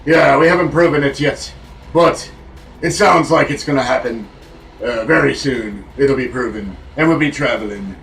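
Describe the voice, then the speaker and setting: A man's voice: medium pitch, moderate pace, gravelly, fairly bright tone, far from the mic, a little hiss or hum. A man voicing a jolly adult male pirate, in rambling, casual pirate talk. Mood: jovial.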